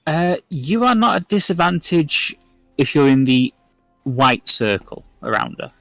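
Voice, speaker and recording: Male game master, unhurried and apologetic, dry close mic. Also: on the high side, very animated, vocal fry, a bit bright, no echo, soft background music. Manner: slow, apologetic, searching through notes. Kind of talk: narrating a tabletop game.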